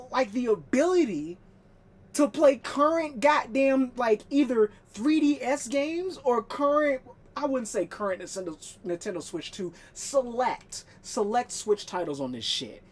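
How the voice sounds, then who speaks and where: A woman's voice: high voice, expressive, unhurried, a little mellow. A woman gaming streamer talking casually on stream, ranting in a profane, emphatic and exasperated way.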